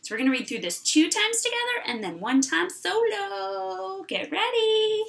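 A middle-aged woman teacher leading an online writing lesson for young children, sounding out words slowly and clearly. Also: high-pitched, wildly swooping pitch, fairly bright tone.

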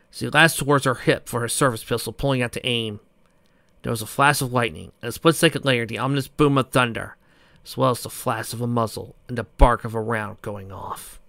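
A man's voice: medium pitch, a bit bright, no echo. Man narrating a book, plain reading, small stumbles, dry close sound. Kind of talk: amateur audiobook reading.

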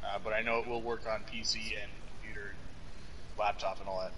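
A man's voice: on the low side, little pitch movement, brisk, background noise. A man co-hosting a live stream from his basement, chatting casually, laughing a lot and reading out chat messages. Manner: laughs often, reads out chat. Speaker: streamer co-host. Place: home basement.

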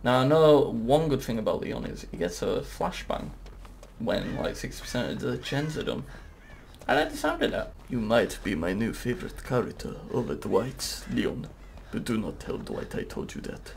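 Young male gaming YouTuber, gravelly voice, excitable and foul-mouthed. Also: medium pitch, normal speed, a little hiss or hum. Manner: excitable, swears often, talks to the game. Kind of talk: casual gameplay commentary.

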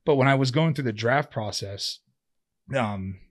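A man's voice: mid-range voice, measured pace. Rambling thirty-something man telling stories. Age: 30s. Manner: rambling, filler-heavy, with many restarts and "like". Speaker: podcast guest, former pro football player. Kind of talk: casual storytelling in an interview.

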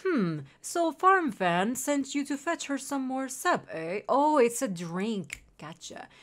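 A woman's voice: high-pitched, sing-song, slow, full character voice. A woman reading aloud the lines of a chatty male shopkeeper in a game, in a friendly tone. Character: chatty male shopkeeper, fond of pungent food.

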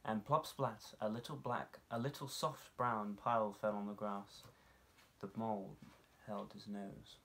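A young man reads a children's picture book aloud at a slow, unhurried pace. His storytelling is expressive, and he leans into the sound-effect words with relish. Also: fairly low pitch. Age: young adult. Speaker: drama student reading aloud.

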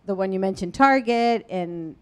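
A woman lawyer giving a talk at a meetup, speaking earnestly and conversationally, with quick asides to the audience. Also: medium pitch, clear, resonant tone. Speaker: disability rights lawyer and speaker. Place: meetup room before an audience.

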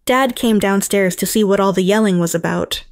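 A woman narrating a first-person family story in an even, matter-of-fact way. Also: medium pitch, normal speed, no room sound, studio quality.

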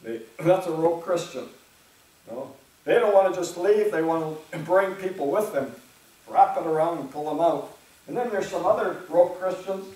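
A man preaching a sermon as pastor in a church, talking in a conversational way, often clearing his throat and acting out imagined churchgoers. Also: on the high side, normal speed, dark tone, far from the mic. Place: church sanctuary. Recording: very echoey church room, speaker away from the mic.

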